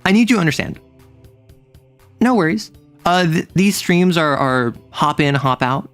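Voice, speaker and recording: A man streaming a casual chat, telling a rambling, animated story and laughing often. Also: on the high side, unhurried, soft background music.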